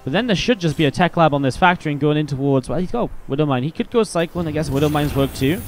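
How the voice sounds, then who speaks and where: A man's voice: fairly high pitch, expressive, quick pace, faint music behind. A man with an English accent casting a live strategy game match, mixing play-by-play calls with chatty asides. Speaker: esports caster.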